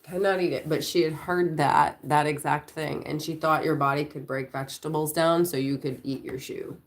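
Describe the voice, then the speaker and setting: A woman's voice: sits low, steady tone, normal speed. A middle-aged woman hosting a casual livestream, chatting and telling rambling stories about her daughter. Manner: rambling, chatty, storytelling with quoted voices. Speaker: livestream host.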